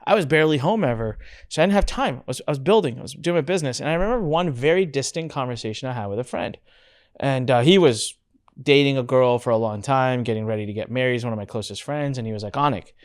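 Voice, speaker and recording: Animated male podcast host telling a story. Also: mid-range voice, fast talker. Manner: animated storyteller who acts out quoted dialogue. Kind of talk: personal storytelling in a podcast conversation.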